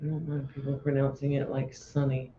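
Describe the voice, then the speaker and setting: A man's voice: medium pitch, little pitch movement, moderate pace, mellow. A man co-hosting a livestream in easygoing, laugh-filled chat. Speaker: livestream co-host. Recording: roomy, dull home audio with faint noise.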